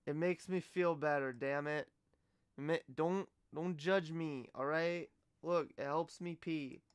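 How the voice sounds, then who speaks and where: A woman's voice: low voice, steady tone, unhurried, smooth, no echo, clean studio sound. A woman voicing a bossy, eager little house cat in a playful, slightly raised voice during a live stream. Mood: defensive.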